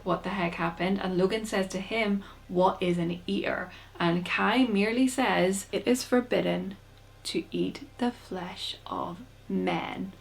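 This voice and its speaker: A young woman talking straight to camera in an easygoing, chatty way. Her voice sits at an ordinary middle pitch, and she slips into quick character voices to keep the recap fun. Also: a bit bright. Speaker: book vlogger. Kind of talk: casual plot recap.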